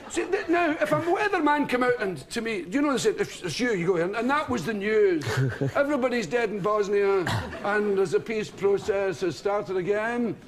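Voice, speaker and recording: A man's voice: high-pitched, lively intonation, moderate pace. A Scottish man telling comic stories as a talk show guest, laughing through them. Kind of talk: comic storytelling. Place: television studio with audience.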